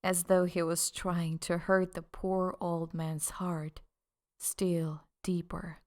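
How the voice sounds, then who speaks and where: A woman narrating an audiobook in a measured, deliberate way. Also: on the low side, little pitch movement, darkish tone. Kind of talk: scripted narration.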